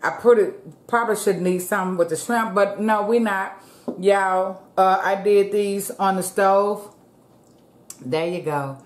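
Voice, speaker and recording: Woman mukbang host, mid-pitched, casual home chatter, echoey room. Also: steady tone, a little slow. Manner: chatty, keeps addressing viewers as y'all. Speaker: mukbang vlogger. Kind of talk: casual eating-show chat. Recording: roomy echo.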